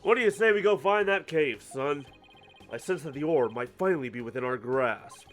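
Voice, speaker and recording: Someone putting on a booming hearty old adventurer. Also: animated, normal speed, faint music behind, natural voice. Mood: excited. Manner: boisterous, booming. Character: hearty older male adventurer. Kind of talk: fan voice-over of a story game.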